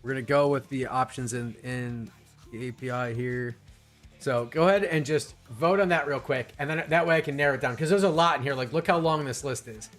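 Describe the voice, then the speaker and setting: A man's voice: medium pitch, a little fast, a bit bright, soft background music. A man hosting a live stream in casual talk, rambling and restarting his sentences often. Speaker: streamer host.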